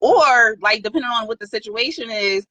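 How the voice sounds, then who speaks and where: A woman guest on a live video call, chatting in with quick, lively rambling. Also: a little high, dry recording. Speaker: guest caller on a live stream. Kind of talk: casual chat. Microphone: phone camera on a video call.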